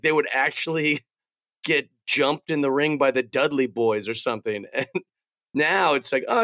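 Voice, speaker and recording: Joking co-host with a mid-high voice. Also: male voice, fairly bright tone, dry recording, studio quality. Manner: joking, mimics people in quick bits. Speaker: podcast co-host. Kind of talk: casual chat.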